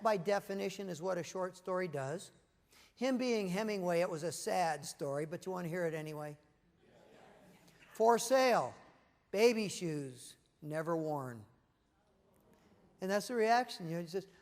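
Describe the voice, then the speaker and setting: High-voiced man giving a lively talk. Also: long reverb tail. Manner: energetic storytelling, rhetorical questions to the room. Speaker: keynote speaker. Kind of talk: corporate leadership presentation. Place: large meeting room with an audience at tables.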